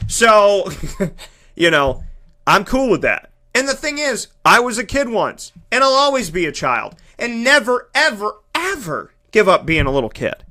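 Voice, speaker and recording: A man hosting a radio show, talking in an animated, emphatic monologue and acting out the voices he quotes. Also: sits high, normal speed. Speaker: radio host and broadcaster. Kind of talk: energetic monologue.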